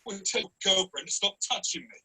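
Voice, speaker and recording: A woman's voice: mid-range voice, lively intonation, brisk, slightly rough, exaggerated voice. A woman voicing an aggressive young male train passenger in an online script reading, sneering and confrontational. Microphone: video call mic. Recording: distant mic with loud background noise.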